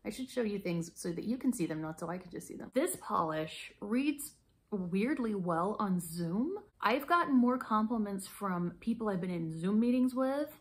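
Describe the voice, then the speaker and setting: A woman's voice: medium pitch, expressive, moderate pace. A woman in her forties reviewing hand care products in a casual vlog, rambling, self-deprecating and laughing often. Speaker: beauty vlogger.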